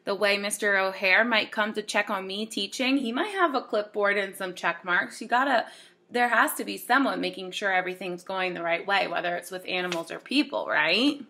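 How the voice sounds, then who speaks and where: Woman teacher for a read-aloud, scratchy from allergies, bright, asks the kids questions. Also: mid-range voice, normal speed. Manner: warm, chatty storyteller who asks listeners questions. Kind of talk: reading a children's book aloud.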